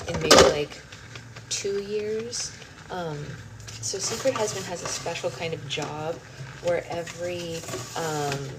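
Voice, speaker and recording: Chatty low-voiced woman over AC hum. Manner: chatty, rambling, talks in sing-song baby talk to her infant. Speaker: book club livestream host. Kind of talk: casual live chat. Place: home kitchen. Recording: loud air-conditioning hum behind.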